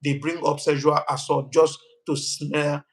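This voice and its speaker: A young man with a Nigerian accent speaks in a fairly high voice on his live stream. He argues passionately, often restarting his sentences, and flares into heated replies to commenters. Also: flat delivery, a little slow, poor audio.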